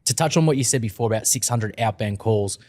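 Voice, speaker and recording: A man's voice: fairly low pitch, quick pace, darkish tone. A man co-hosting a recruitment podcast, asking questions in a casual, friendly way. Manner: casual and friendly, asks questions, says mate. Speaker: podcast co-host. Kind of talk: podcast interview.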